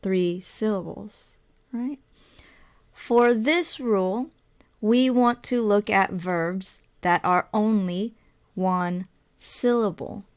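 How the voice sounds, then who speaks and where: Woman ESL teacher, very slow measured delivery, mid pitch, step-by-step explainer. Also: clean tone. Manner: spells out letters, asks and answers her own questions.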